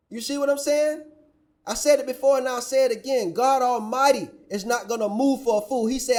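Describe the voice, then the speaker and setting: Ranting in a reaction commentary, this channel host scolds and preaches, drawing on scripture. He has a very high-pitched voice with a darkish tone.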